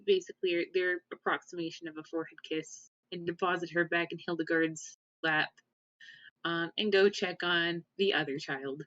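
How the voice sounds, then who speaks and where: A woman's voice: lowish voice, a bit bright, no echo. A woman narrating her character's actions in a tabletop role-play, hesitant and full of fillers. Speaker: tabletop player. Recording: dull lo-fi dry audio.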